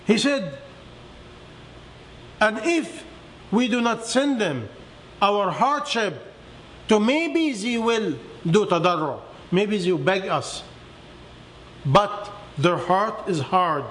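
A man preaching a sermon in non-native English with simplified grammar, swinging emphatically between high and low. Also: very animated, slow, long pauses, a bit bright. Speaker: religious teacher.

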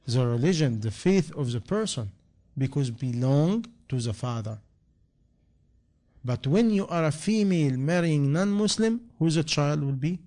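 Man, preacher, slightly high voice, repeating phrases with rising emphasis. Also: a little mellow. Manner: non-native English, impassioned repetition, rising emphasis. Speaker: imam. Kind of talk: sermon answering a question.

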